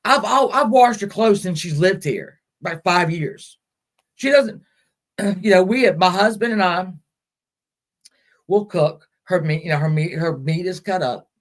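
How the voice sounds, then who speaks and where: Hosting a caregiver support stream in a fairly low voice, this woman speaks informally, stumbling through fillers and starting sentences over as she answers comments from viewers aloud.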